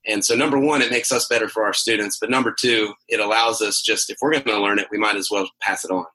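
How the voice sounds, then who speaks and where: A male teacher talks earnestly about learning through podcasting, with a touch of self-deprecation. His voice is fairly low in pitch but strikingly bright and forward. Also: fairly even intonation, quick pace, poor audio. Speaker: teacher, podcast co-host guest. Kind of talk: casual interview chat.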